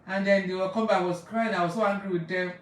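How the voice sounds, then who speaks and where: A woman's voice: medium pitch, fairly even intonation, fast, noisy background. A woman telling stories in a rambling, chatty way on a live stream, laughing often and stopping to greet viewers. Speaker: spiritual practitioner. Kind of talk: casual storytelling on a live stream. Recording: very echoey room, far from mic.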